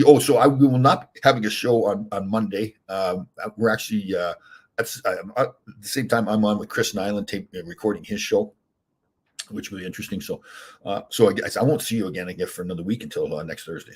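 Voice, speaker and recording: An older man with a husky, slightly low voice talks quickly and loosely as a show host. He rambles from story to story, stumbling over fillers and restarts, and hiccups now and then. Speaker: podcast host, former hockey player. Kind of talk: casual solo talk.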